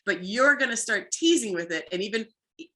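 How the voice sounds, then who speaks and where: A woman dog trainer, a guest explaining play with dogs in casual chat, lively and full of "like". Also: mid-range voice, brisk. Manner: lively, acts out playful bits with frequent "like".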